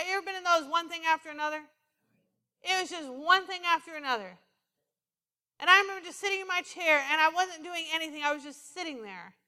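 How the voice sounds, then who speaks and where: A woman's voice: sits high, sharp tone, big-room sound. A middle-aged woman pastor preaching a conversational sermon, repeating phrases for emphasis.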